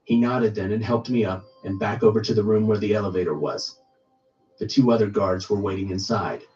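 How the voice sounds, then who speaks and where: A man reading a first-person horror story aloud in steady storytelling narration. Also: fairly low pitch, fairly quick, recorded from a distance, highs cut off, faint music behind.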